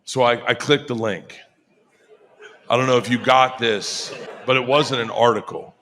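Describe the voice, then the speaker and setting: A male comedian telling a story on stage, laughing through it and building to shouts. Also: medium pitch, steady tone, measured pace, slight background noise. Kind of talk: stand-up storytelling.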